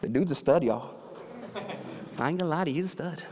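A man preaching a sermon, moving between quiet storytelling and loud, fervent preaching. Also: a little high, fast talker, crowd noise. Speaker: pastor. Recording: reverberant hall with faint ambience.

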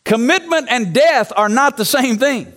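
A man preaching an emphatic, confessional sermon in a church sanctuary, his voice sitting unusually high for a man. He coaxes the congregation into calling back answers and speaks plainly about his own struggles. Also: expressive, a little slow, a bit bright. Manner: candid, confessional storytelling. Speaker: pastor.

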